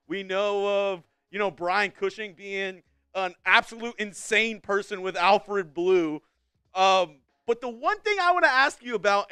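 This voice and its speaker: A man's voice: sits high, sharp tone, clean tone, dry recording, clean studio sound. An American man hosting a live sports show, asking a guest long, enthusiastic questions like an eager fan.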